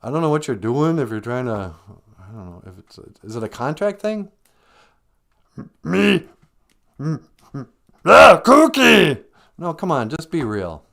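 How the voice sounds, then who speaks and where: A man's voice: mid-range voice, big pitch swings, fairly quick. A man hosting a comedic podcast, talking in a casual, playful way. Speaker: podcast host.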